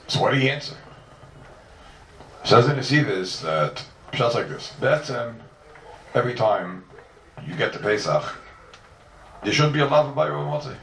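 A man gives an animated Talmud lecture as a Torah teacher, firing rhetorical questions at his listeners. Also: medium pitch, vocal fry, a little hiss or hum. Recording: roomy echo from far off, faint ambience.

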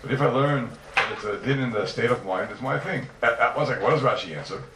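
A man teaching a yeshiva-style Talmud class to students, animated and firing rhetorical questions at them. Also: mid-range voice, quick pace. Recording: roomy, distant mic, noisy ambience.

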